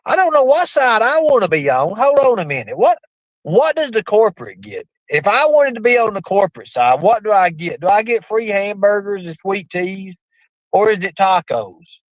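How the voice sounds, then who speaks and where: A man streaming live, rambling and swearing. His pitch swings widely, leaping up suddenly before dropping back. The voice sounds dry and close, with no room echo. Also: sing-song, normal speed. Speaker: livestream host. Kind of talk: profane rambling livestream chat.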